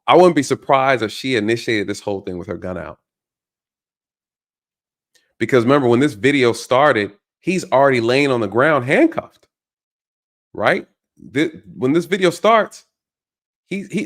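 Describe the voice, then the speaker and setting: Speaking at a moderate pace with long pauses, a man with an animated, medium-pitched voice hosts a reaction video. He addresses the audience directly and emphatically, repeating phrases to underline what he says.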